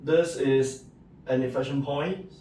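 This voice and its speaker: A man's voice: medium pitch, steady tone, slow pace, mellow, slight background noise. A man giving a recorded math lecture, explaining step by step and checking in with "right?" and "okay". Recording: echoey room, mic at a distance.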